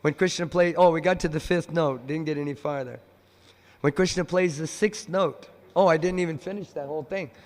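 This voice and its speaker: A man's voice: fairly high pitch, brisk. Man telling devotional stories in a temple hall. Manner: animated storyteller who acts out the voices in his stories. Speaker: visiting speaker at a temple. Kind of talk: devotional lecture with storytelling. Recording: long temple hall reverb.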